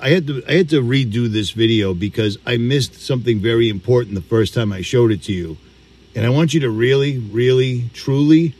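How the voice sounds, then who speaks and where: A man's voice: on the low side, darkish tone, slightly rough. Earnest man preaching to camera. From Boston, USA. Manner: earnest, preachy, repeats for emphasis. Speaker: vlogger. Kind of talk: emphatic commentary to camera. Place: outdoors on a rural property.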